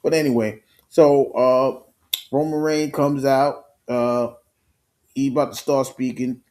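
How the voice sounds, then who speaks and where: A man hosting a live stream, telling the story in an animated, slang-heavy way with swearing and casual sports talk. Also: mid-range voice, takes it slowly.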